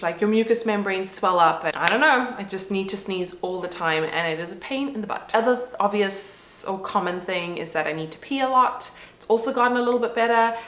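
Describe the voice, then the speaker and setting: A woman's voice: mid-range voice, fairly bright tone, slight background noise. Congested woman chatting in a roomy space. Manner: chatty, rambling, frequent fillers. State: congested nose. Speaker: vlogger and mother. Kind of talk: casual chat to camera. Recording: roomy echo.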